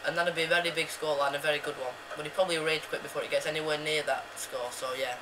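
A young man commentating on his own football video game match, rambling casually and bursting into yells and chants at goals. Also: a little high, rapid-fire, noisy background. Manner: excitable, yells and sings at goals. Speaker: gaming YouTuber. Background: loud background music.

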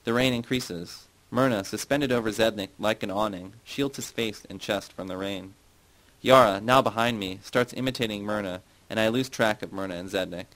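A man reading a novel aloud in a measured, plain audiobook narration. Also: fairly low pitch, a bit bright, poor audio. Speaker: audiobook reader.

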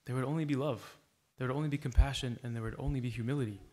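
A man's voice: medium pitch, fairly even intonation, racing, a little mellow. A man preaching a sermon in a church, earnest and exhorting, telling a story to make his point.

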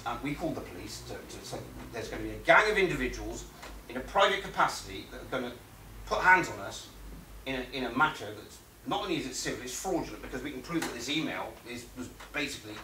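Animated man in an echoey hall. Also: medium pitch, noisy background. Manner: lively anecdotal, acts out quotes, laughs often. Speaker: conference speaker. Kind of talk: animated storytelling talk. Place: conference room. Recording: roomy hall audio from far off.

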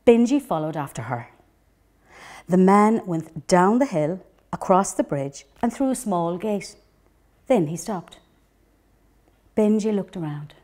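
A woman with an Irish accent, a children's librarian, reading a picture book aloud in a gentle, clear storytelling manner. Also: fairly low pitch, animated, a little slow, long pauses.

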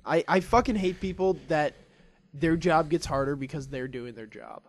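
A young man co-hosting a casual podcast, swearing freely and telling animated stories. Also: a little high, moderate pace, dry recording. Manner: swears a lot, animated storytelling. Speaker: podcast co-host. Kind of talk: casual chat.

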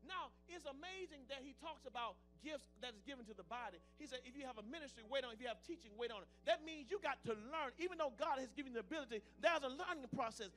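A man preaching in a strikingly high voice, bold and dramatic in delivery. His pitch leaps and dives as he moves between shouted points and quiet asides. Instruments play softly behind him. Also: animated, fast, few pauses, faint music behind. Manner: fiery preaching, swinging between shouts and low murmurs. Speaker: pastor. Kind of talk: sermon.

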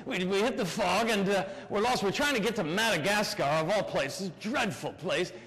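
A man's voice: high-pitched, normal speed, fairly bright tone, big-room sound, poor audio. A man voicing a nervous, rambling rookie pirate with a put-on British accent. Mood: flustered. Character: bumbling rookie male pirate, fake British.

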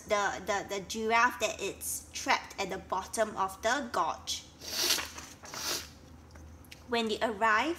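A woman's voice: fairly high pitch, sharp tone, a little hiss or hum. A woman reading a storybook aloud and stopping to explain words, checking in with "okay?". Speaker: storyteller and teacher.

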